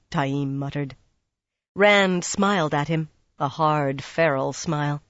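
A narrator reading a fantasy novel aloud in a steady, measured way. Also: mid-range voice, no echo, lo-fi sound. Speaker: audiobook narrator.

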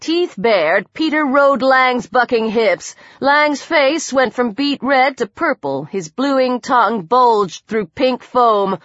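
A woman narrating an audiobook in a tense, even storytelling manner. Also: on the high side, slow pace, hardly any pauses, dry recording. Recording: dull, dry lo-fi recording.

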